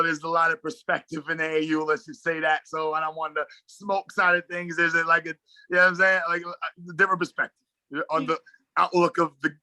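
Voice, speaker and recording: Brooklyn man, New York accent, guest coach spinning animated, slang-heavy stories in a casual interview, slightly high voice, close dry sound. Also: clean tone, dry recording. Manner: animated, slangy storyteller acting out dialogue.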